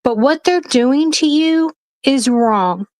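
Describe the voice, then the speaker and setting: A woman's voice: high voice, expressive, slow, darkish tone, no echo. A woman speaking as a guest on a livestream, emphatic and rambling, with frequent swearing. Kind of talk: heated livestream chat.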